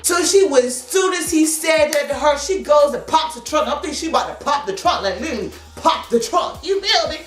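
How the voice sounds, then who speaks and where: A woman in her thirties telling a story to camera in a slangy, animated way, laughing often. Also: high-pitched, a little fast, few pauses, roomy sound, faint music behind. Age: 30s. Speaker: vlogger. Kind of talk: casual storytelling.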